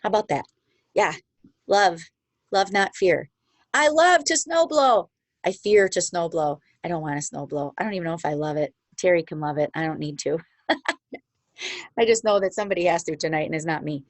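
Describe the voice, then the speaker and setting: A woman's voice: fairly low pitch, normal speed, pauses often, no echo. Upbeat woman leading a sales call. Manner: upbeat, encouraging, chatty with asides. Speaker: sales team leader. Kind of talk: motivational team meeting on video call. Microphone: video call.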